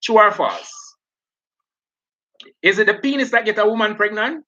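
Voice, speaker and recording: A man's voice: high-pitched, lively intonation, moderate pace, sharp tone. A male teacher giving a live online class, chatty, laughing often and calling students by name. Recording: dull lo-fi sound.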